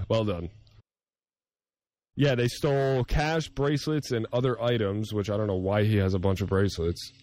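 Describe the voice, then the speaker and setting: Podcast host, male, low pitch, dry studio sound, easygoing and jokey. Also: moderate pace, pauses often, dry recording. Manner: relaxed, jokey, laughs often. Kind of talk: casual chat.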